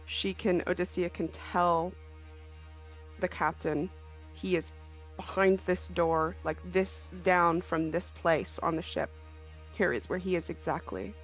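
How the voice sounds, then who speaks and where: A tabletop game player thinking aloud about theories and explaining a character's actions in a rambling, casual way. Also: medium pitch. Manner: speculative, rambling. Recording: dull lo-fi mic.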